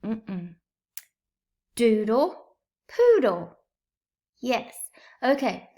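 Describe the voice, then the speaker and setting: A woman's voice: on the high side, very animated, warm tone. A woman teaching a phonemic awareness drill at home, stretching out each word and asking children to blend or split syllables. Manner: slow, drawn-out word prompts. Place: home kitchen.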